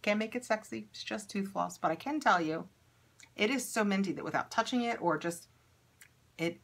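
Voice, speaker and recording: A woman's voice: mid-range voice, moderate pace, gravelly. A woman chatting casually to camera while unboxing and trying beauty products, upbeat and thinking aloud as she goes.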